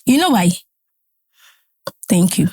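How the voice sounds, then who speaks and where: A woman with a Nigerian accent, a podcast guest telling a story in animated casual talk, slipping into Pidgin and Yoruba. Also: medium pitch, takes it slowly, dry recording, clean studio sound. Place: podcast studio.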